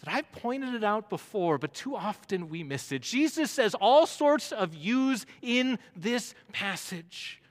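A man preaching a sermon as pastor, building to loud emphatic runs. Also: high voice, very animated, a little slow, hardly any pauses. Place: church sanctuary. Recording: long hall reverb.

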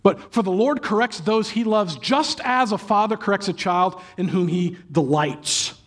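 A man in his thirties delivers a sermon in a slightly high, husky voice. He tells stories animatedly, throwing in acted sighs and exclamations. It has the easy, personal feel of a pastor talking to his congregation. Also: unhurried, fairly bright tone.

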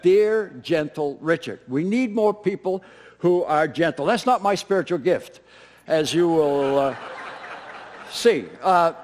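A high-pitched man delivers a sermon with dramatic swings in volume, punching key words loudly and then dropping almost to a whisper. He mixes in self-deprecating humor and laughs at his own stories. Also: animated, measured pace. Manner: dynamic delivery, swinging from loud emphatic peaks to soft near-whispers. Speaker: pastor.

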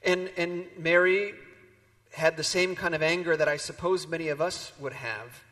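A man preaching a sermon, telling a story and moving between loud emphasis and hushed, near-whispered lines. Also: fairly high pitch, fairly even intonation, normal speed. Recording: long hall reverb.

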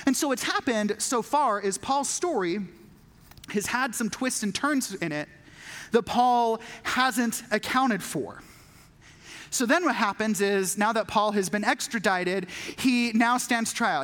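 Jokey storytelling woman preacher. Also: fairly high pitch. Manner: animated, jokey storytelling with acted-out voices. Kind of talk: sermon. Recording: long hall reverb.

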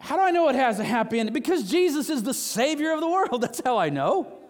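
A man preaching a sermon as pastor, animated and emphatic, with sudden rises in pitch on key words. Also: fast. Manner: animated preaching, rising to high emphatic bursts. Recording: long hall reverb.

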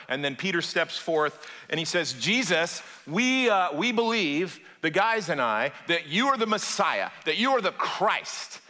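A man delivers a lively sermon to a congregation, acting out the voices in his stories. His voice sits a little high and sounds bright and forceful. It carries a long echo, as if filling a large hall. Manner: animated, acts out voices in quotes. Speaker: pastor. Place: church hall with audience.

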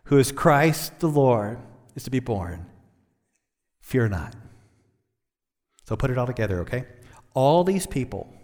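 A man preaching a sermon as pastor, impassioned and building to emphatic highs. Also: in a large hall.

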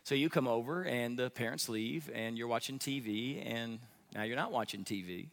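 A man preaching a sermon as pastor, animated, with humor and acted-out voices. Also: mid-range voice, normal speed, in a large hall. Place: church sanctuary.

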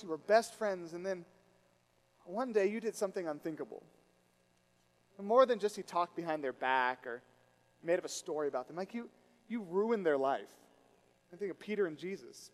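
In his sermon, a male pastor with a strikingly high voice brings stories to life with animated quoted voices. When he turns reflective, he sinks into a hushed, intimate tone.

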